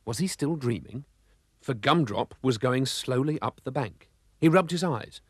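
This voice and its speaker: A man narrating a children's storybook with a lively, expressive reading. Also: mid-range voice, a little slow, slightly rough, dry recording, clean studio sound.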